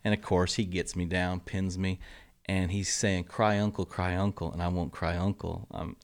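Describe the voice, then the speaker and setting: A middle-aged man, a golf coach telling lively stories in an interview and acting out the quotes. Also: normal speed, vocal fry. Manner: animated storyteller, acts out quotes, drops to a low murmur for asides. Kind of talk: casual interview storytelling.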